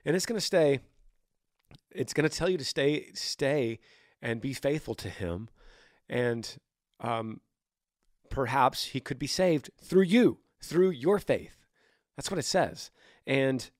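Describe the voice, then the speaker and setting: A man's voice: medium pitch, lively intonation, a little slow, long pauses, no room sound, clean studio sound. A man hosting a podcast, giving earnest faith-based advice in a casual way, often repeating and restarting phrases. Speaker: podcast host.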